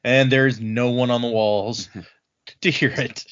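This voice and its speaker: A man's voice: medium pitch, fairly even intonation, fairly bright tone, smooth. Guy on a book podcast, recaps the chapters and does little character voices, kinda dull lo-fi sound. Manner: recaps the plot, acting out characters in quick asides. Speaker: podcast host. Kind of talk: casual book-club chat.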